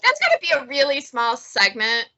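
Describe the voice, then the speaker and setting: Bright-voiced chatty woman librarian. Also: high voice, wildly swooping pitch, normal speed, low-quality recording. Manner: chatty, laughs often. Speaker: librarian, segment host. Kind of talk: casual chat.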